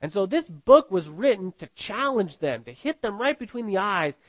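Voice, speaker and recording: Emphatic high-voiced male preacher. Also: big pitch swings, normal speed, no room sound. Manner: emphatic, repeats phrases, asks "right?". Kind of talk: expository sermon.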